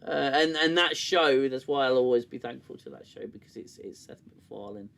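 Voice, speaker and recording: A man hosts a casual livestream in a middle-pitched voice. He rambles candidly, swears freely and breaks into laughter easily as he talks. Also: moderate pace, vocal fry, a bit bright, a little hiss or hum. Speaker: host of a TV review livestream.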